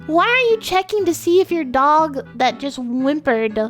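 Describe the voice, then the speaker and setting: Young woman, streamer, sarcastic, incredulous, animated reaction commentary. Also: high-pitched, unhurried, soft background music. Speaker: VTuber reaction host.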